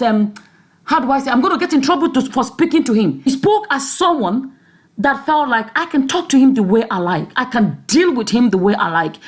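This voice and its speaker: Emphatic Nigerian woman vlogger. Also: a little high. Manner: emphatic and chatty, often checks in with "okay?". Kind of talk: opinion commentary vlog.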